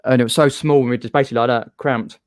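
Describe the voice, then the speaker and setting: A man's voice: medium pitch, steady tone, rapid-fire, no room sound, studio quality. A man with a Southern English accent hosting a live stream, chatting casually with a guest and reading out viewer comments. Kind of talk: casual chat.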